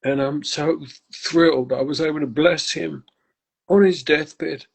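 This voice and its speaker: A man's voice: a little high, fairly even intonation, measured pace, gravelly, breathy edge, poor audio. An older man from England, a musician guest telling stories in a casual interview, reflective and full of restarts. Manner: reflective, warm faith talk with many restarts.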